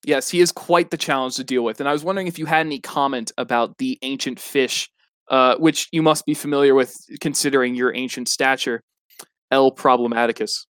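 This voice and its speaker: A man voicing a learned old snailfish who explains things in a measured way with many pauses. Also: medium pitch, a bit bright, clean tone, no room sound, lightly acted. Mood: teasing questions. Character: learned old male snailfish, knowledgeable and calm. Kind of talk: comedy podcast role-play.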